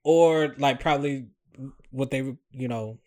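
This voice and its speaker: A man in casual chat with a friend, animated and slangy, laughing often. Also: medium pitch, a little slow.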